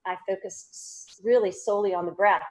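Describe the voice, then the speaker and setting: A woman's voice: mid-range voice, a little fast, low-quality recording. A woman with a Southern US accent, a guest psychic medium speaking earnestly and spiritedly about healing in a casual interview. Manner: earnest, spiritual, animated with restarts.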